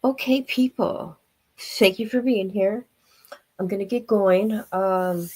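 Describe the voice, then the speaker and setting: A middle-aged woman hosts a casual livestream, chatting with viewers in a rambling, blunt way. Her voice is medium-pitched and darkish, and she speaks slowly.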